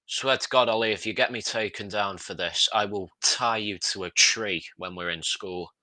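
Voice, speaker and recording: A man's voice: lowish voice, moderate pace, sharp tone, no echo. A young man hosting a casual voice call, talking in a bossy, teasing way. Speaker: host of a story call. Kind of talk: casual chat over a voice call.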